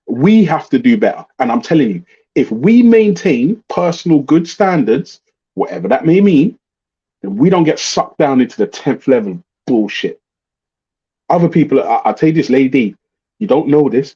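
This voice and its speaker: Middle-aged host, dark husky voice, lively pitch, muffled lo-fi stream audio, blunt and sweary. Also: male voice, normal speed. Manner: blunt, swearing, animated storytelling. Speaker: livestream host. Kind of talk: casual ranting chat.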